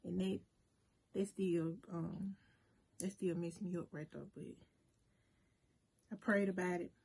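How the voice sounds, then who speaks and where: A woman with a mellow, slightly husky voice tells a personal story in a loose, chatty way. She talks directly to her viewers and keeps the delivery animated. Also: on the low side, slow. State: emotional at moments, briefly choked up. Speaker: food vlogger. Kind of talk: casual storytime while eating.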